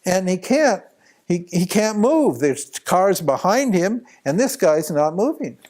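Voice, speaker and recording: The high voice belongs to a man leading a retreat session, where he spins out a long, animated anecdote without rushing. He keeps restarting his sentences and laughing as he goes.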